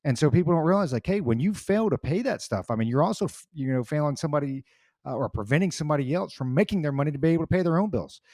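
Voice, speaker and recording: A man's voice: a little high, lively intonation, rapid-fire, darkish tone, no echo. A man co-hosting a podcast, explaining his point in a rambling way with many restarts. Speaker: podcast co-host. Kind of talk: casual political chat.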